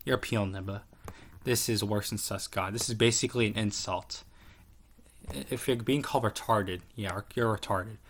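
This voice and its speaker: A man's voice: on the low side, normal speed, a bit bright, a little hiss or hum. Give me a rambling, profane guy ranking his online friends. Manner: rambling, profane, lots of fillers and restarts. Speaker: tier list commentator. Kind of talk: casual profane commentary.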